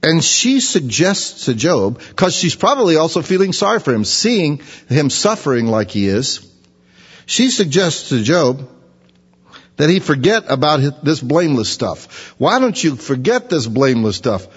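A man's voice: fairly high pitch, sing-song, unhurried, husky. Man, preacher, sermon, casual folksy delivery, long hall reverb, lo-fi. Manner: folksy, conversational Bible teaching.

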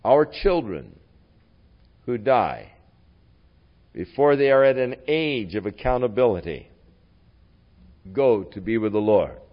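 A man preaching a sermon in a slow, deliberate way, his voice rising and falling widely in pitch and loudness. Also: sing-song, highs cut off.

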